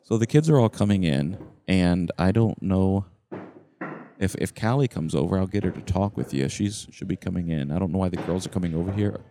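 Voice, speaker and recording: A man's voice: sits low, a little fast, warm tone, a little hiss or hum. A middle-aged man co-hosting a podcast in casual chat, rambling and describing what he sees around him at a campground. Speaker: podcast co-host. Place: campground, indoors in a noisy shared space.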